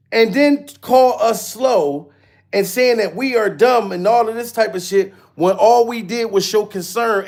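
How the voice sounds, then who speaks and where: A man hosting a comedic livestream, animated and incredulous, swearing freely. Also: high voice, gravelly.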